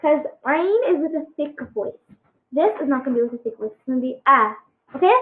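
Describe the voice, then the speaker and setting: Woman, high voice, casual pronunciation lesson, halting with fillers, encouraging, tinny phone-like audio. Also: lively intonation. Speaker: Arabic alphabet teacher. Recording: echoey, tinny phone-like sound.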